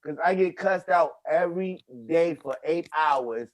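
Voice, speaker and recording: A man's voice: a little high, a little slow. A man in casual podcast chat, talking bluntly and profanely as he vents. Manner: blunt, profane, venting, swears freely. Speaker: guest.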